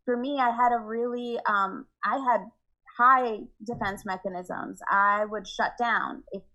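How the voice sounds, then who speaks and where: A young woman with a fairly high voice talks frankly in a relaxed podcast chat. She laughs often and slips into little acted-out versions of her own past words. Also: unhurried, lo-fi sound. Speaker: podcast guest. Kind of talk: casual conversation.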